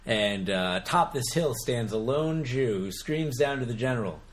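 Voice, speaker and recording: A young man casually retelling family jokes, telling stories relaxed with fillers. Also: mid-range voice, moderate pace. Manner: relaxed storytelling with fillers and laughs. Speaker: joke teller. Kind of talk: casual chat.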